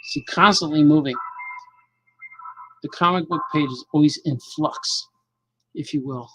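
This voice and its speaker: A man's voice: a little high, a little slow, pauses often, sharp tone, slight background noise. A cartoonist chatting casually on a live stream as he draws, muttering and joking with his viewers. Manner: mutters along while drawing, joking with chat. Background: music.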